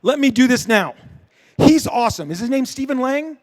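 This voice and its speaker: Middle-aged man, high voice, lively fan-panel storyteller, quick jokes with the crowd. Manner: animated storytelling, joking with the audience. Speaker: comic book creator on a convention panel. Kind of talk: convention panel Q&A. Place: dark convention panel room.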